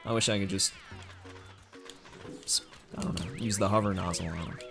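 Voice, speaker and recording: A man's voice: low-pitched, steady tone, normal speed, creaky, music in the background. A young man speedrunning a game on a live stream, chatting casually and making self-deprecating jokes to his viewers.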